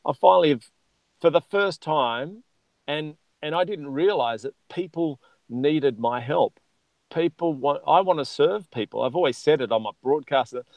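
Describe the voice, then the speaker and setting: A man's voice: mid-range voice, vocal fry, darkish tone, no echo, poor audio. A man, a guest in a casual interview, talking with enthusiasm and calling the host "mate". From Australia. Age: 50s. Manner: enthusiastic, says "mate" often. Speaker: chocolatier guest.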